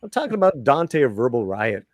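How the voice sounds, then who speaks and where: A man's voice: medium pitch, very animated, brisk. Chatty male live-stream host. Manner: chatty, laughs easily, repeats phrases. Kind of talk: live-stream talk show.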